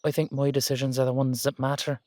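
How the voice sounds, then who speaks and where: A man's voice: medium pitch, little pitch movement, fast, darkish tone, dry recording, close to an everyday voice. A man voicing a wary older Irish uncle, a retired safecracker, with a sly, teasing drawl. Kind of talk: audio drama acting.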